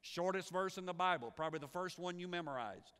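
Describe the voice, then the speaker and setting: A man preaching a sermon as pastor, animated and repeating words as he builds each point. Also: high voice, fast talker, clean tone. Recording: long hall reverb.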